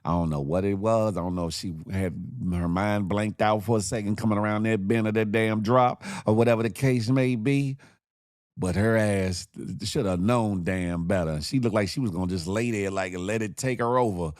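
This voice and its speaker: A man hosting a casual morning show, animated and joking, laughing often as he comments. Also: fairly low pitch, normal speed, no echo, studio quality.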